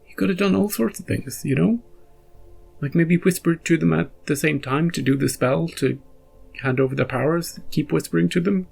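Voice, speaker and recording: A man's voice: a little high, normal speed, creaky, darkish tone, slightly rough, soft background music. A man hosting a reaction video, chatting casually and rambling after an episode, often restarting and chuckling.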